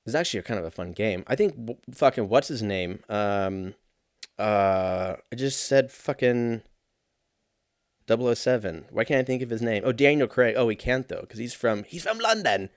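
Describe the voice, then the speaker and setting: A man's voice: lowish voice, moderate pace, dry recording, studio quality. Profane rambling man in his thirties. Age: 30s. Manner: profane, meandering, self-mocking. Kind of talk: casual rambling monologue.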